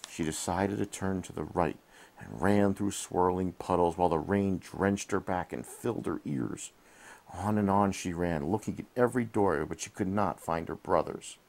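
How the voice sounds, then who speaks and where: A man reading a bedtime story to his child while in bed, gently asking questions along the way, recorded on a head-mounted camera. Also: sits low, normal speed, vocal fry. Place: in bed at home.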